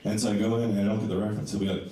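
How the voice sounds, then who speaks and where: A man's voice: on the low side, steady tone, racing, warm tone. A man doing a self-deprecating stand-up comedy set, chatting with the crowd in a small comedy club. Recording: echoey club, distant mic, audience.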